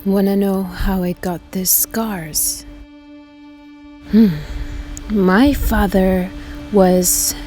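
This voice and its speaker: A woman playing a scarred, unhinged male criminal clown, telling a tale in a slow, taunting way that sinks to a whisper. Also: mid-range voice, steady tone, warm tone, faint music behind. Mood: menacing. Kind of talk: monologue performed at home.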